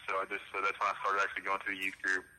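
Young man from Louisiana, low flat voice, hesitant, over a tinny speakerphone line. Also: very fast. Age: 20s. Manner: hesitant, many fillers and restarts. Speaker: former youth group member on a phone call. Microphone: phone on speaker. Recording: tinny phone line in a hall.

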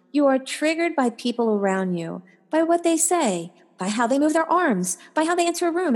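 An animated woman speaking as a guest on a podcast. She tells stories with energy and slips into other people's voices, her pitch leaping high for the quoted lines. Her delivery is casual and expressive. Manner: animated storyteller, acts out voices with big pitch jumps. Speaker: guest, intuitive life coach.

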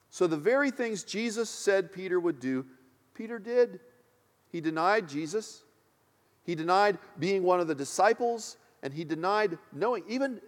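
Pastor guy preaching, repeats stuff, goes soft and low for effect, big echoey hall. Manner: emphatic, repeats key phrases, drops low and quiet for weight. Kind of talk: sermon. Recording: long hall reverb.

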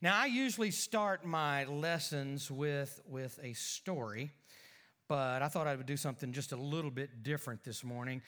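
A man preaching a church lesson in a relaxed, joking way with hesitant restarts. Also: mid-range voice, moderate pace. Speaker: preacher teaching a lesson series. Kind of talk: sermon.

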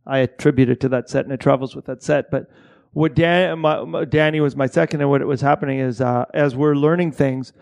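A man's voice: medium pitch, steady tone, a little fast, creaky, darkish tone. A man from Canada, an assistant director, talking loosely in a casual interview, restarting his sentences and swearing often. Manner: rambling, frequent swearing and restarts.

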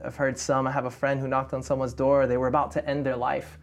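A man co-hosting a casual chat, speaking earnestly and reflectively, often answering with a soft "mm". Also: medium pitch, level tone, fast. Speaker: co-host.

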